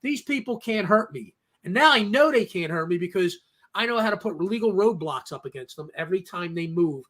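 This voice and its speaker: A man with a notably high voice hosts a casual talk discussion. He talks emphatically, drives each point home with a quick "okay?", and acts out the voices of people in his stories. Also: expressive, a bit bright. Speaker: host.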